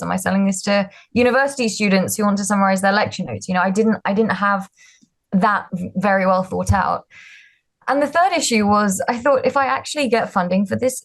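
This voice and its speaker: A young woman from the UK, a startup founder telling her story in a candid, self-deprecating way, with many fillers and restarts. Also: medium pitch. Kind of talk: casual storytelling talk.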